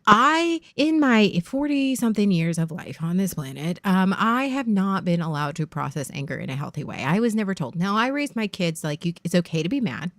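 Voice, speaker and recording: A woman's voice: mid-range voice, big pitch swings, moderate pace, hardly any pauses, fairly bright tone, dry recording, clean studio sound. A woman in her forties hosting a stream, talking candidly and at length in rambling sentences with frequent swearing. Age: 40s. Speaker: streamer host. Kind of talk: casual candid chat.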